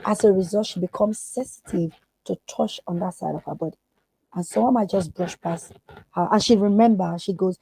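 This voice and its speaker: A woman's voice: medium pitch, normal speed, vocal fry, warm tone, husky, rough recording. A woman therapist speaking as a podcast guest, earnest and emphatic. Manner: emphatic, acts out quoted voices.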